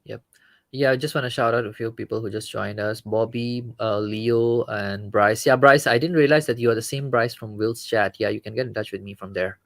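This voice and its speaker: A man's voice: fairly low pitch, fairly even intonation, brisk, gravelly, dry recording. A man from Malaysia hosting a casual live-stream football talk show, chatting and reading out viewer comments. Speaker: show host.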